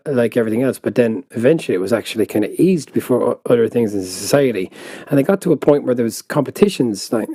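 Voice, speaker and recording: A man's voice: mid-range voice, mellow, no echo. A man co-hosting a casual football book podcast, making dry, wry, laid-back remarks. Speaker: podcast co-host. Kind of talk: casual chat.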